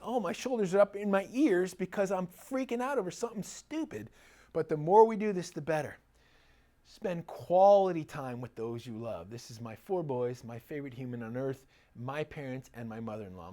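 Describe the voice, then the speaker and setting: A middle-aged man speaks to a live audience in an easygoing seminar style, shifting quickly between advice and personal anecdotes. He is animated and chatty, with frequent laughter running through his stories. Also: a little high. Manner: animated, chatty storyteller who laughs often. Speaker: chiropractor giving a talk to an audience.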